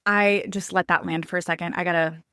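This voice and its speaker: A woman's voice: fairly low pitch, fairly even intonation, a little fast, pushed and bright, smooth, dry recording, studio quality. A woman in her thirties hosting a podcast, telling a personal story in a confiding, emphatic way and speaking straight to her listeners. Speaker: podcast host.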